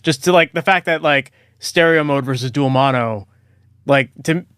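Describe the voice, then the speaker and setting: A man hosting a podcast and chatting casually with his guest. He reflects on the guest's points in quick asides and uses "like" often. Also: on the high side, a bit bright, clean tone, no room sound, clean studio sound. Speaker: podcast host. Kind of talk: casual interview chat.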